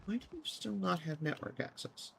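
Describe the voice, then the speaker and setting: Animated, chatty woman streaming a game. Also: on the low side, normal speed, creaky, a little hiss or hum. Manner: chatty, thinking aloud while playing. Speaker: livestreamer. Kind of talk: casual gaming live stream chat.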